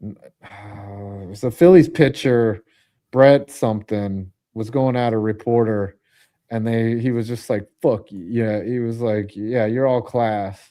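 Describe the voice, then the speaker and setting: A man's voice: lowish voice, steady tone, unhurried, mellow. A man co-hosting a casual sports podcast, rambling and swearing as he gropes for names. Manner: rambling, profane, searching for names. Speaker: podcast co-host.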